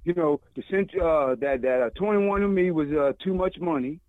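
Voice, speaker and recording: A man's voice: on the high side, dry recording, narrow, tinny audio, voice pushed down, lightly acted. A man voicing an easygoing adult male friend who rambles and halts with lots of filler words. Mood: rambling. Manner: halting, filler-heavy, meandering.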